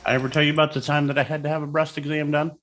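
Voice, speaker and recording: A man's voice: on the high side, level tone, fairly bright tone. Guy co-host on a stream, stumbles and restarts as he tells his story. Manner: halting storyteller, repeats and restarts a lot. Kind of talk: casual livestream chat.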